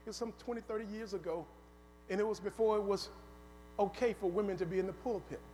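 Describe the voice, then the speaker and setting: A man with a very high voice preaches a story-driven sermon, calling out to the congregation and acting out the people in his story. His voice rings with a long reverb through a church sanctuary. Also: fairly even intonation, quick pace, warm tone, a little hiss or hum. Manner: call-and-response, acts out voices in the story.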